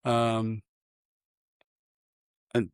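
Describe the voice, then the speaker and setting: A man, a pastor co-hosting a podcast, talking in an earnest, folksy, animated way with frequent restarts. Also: on the low side, very slow, clean tone, no room sound, studio quality. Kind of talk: casual chat.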